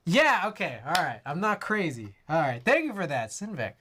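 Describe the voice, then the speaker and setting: A man's voice: a little high, wildly swooping pitch, normal speed, sharp tone, slight background noise. A man chatting casually on a live stream while he works on a keyboard build. He rambles, fills his talk with "like", and chuckles often. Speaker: livestreamer. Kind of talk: casual livestream chat while working.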